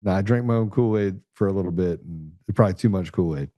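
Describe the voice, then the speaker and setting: A man hosting a podcast, telling blunt, profane, animated stories in a casual conversational way. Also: low-pitched, quick pace, dry recording. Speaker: podcast host.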